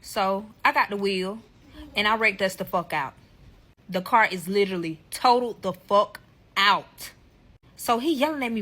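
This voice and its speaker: A woman telling a dramatic personal story in a casual, profane, animated way, speaking straight to her viewers. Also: mid-range voice, normal speed.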